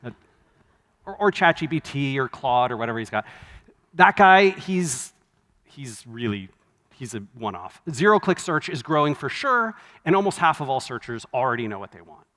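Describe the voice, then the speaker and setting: A man giving a live conference keynote, conversational and wry, with quick asides and self-corrections. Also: medium pitch, very animated, fairly bright tone. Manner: wry, laughs at his own jokes. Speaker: conference speaker. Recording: long hall reverb from a live venue.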